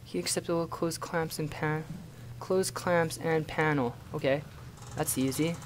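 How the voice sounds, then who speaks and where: A man's voice: on the high side, steady tone, a little slow, slight background noise. A young man from Canada playing a horror game and commenting in a panicky, swearing way, often repeating himself in frantic bursts. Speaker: gaming YouTuber.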